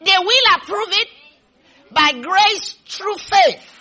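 A man preaching a sermon, leading the congregation in call-and-response with shouted refrains, then dropping into quiet, humorous storytelling. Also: very high-pitched, lively intonation, slow pace.

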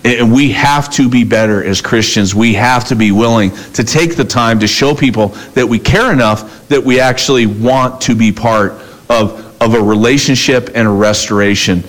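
A man's voice: medium pitch, normal speed, poor audio. A man preaching a sermon as pastor, telling stories and acting out both sides of conversations.

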